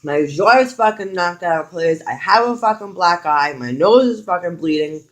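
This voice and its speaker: A woman's voice: on the low side, moderate pace. Frank, foul-mouthed young woman vlogger. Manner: frank, heavy swearing, animated retelling with quoted lines. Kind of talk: casual storytime.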